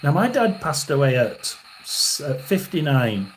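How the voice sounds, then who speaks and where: Older guy doing a psychic reading live, slow and stop-start, keeps clearing his throat, lots of background hiss. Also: a little high, big pitch swings, poor audio. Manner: halting and rambling, clears throat often. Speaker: psychic medium. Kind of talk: live tarot and spirit reading stream.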